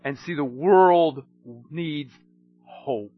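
A man preaching a sermon, swinging between hushed asides and emphatic storytelling. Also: on the high side, expressive, a little slow, pauses often, phone-quality sound.

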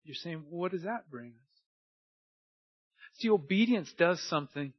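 A male pastor delivering a sermon in a high voice. He swings between loud, urgent appeals and quiet, drawn-out phrases. The recording sounds dull and lo-fi. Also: lively intonation, husky.

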